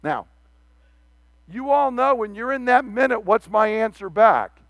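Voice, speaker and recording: A man preaching a sermon, animated, acting out the quoted speech of the figures he reads about. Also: high-pitched, a little slow, pauses often, no room sound.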